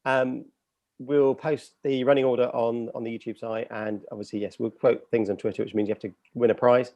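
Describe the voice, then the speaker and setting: A man's voice: medium pitch, level tone, fairly quick, mellow, no room sound, highs cut off. A man hosting a casual livestream chat, rambling and self-mocking with lots of fillers. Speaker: host.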